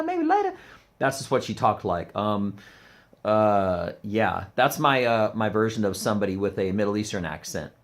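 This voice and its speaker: Lower-voiced man ranting, rambling. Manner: rambling, lots of fillers and restarts, emphatic. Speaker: comedian. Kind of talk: comedy rant to camera.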